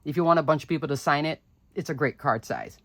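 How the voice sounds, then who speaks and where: Lady crafter gushing over her cards, kinda low voice, super dry close mic. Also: fast talker, no room sound. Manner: chatty and enthusiastic, lots of asides. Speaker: papercraft channel host. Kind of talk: casual show-and-tell of handmade cards.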